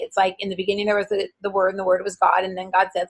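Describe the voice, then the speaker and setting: Breathy, animated woman full of fillers. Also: mid-range voice, fast, few pauses, low-quality recording. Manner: animated and enthusiastic, many filler words. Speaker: interview guest, author. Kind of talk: casual interview chat.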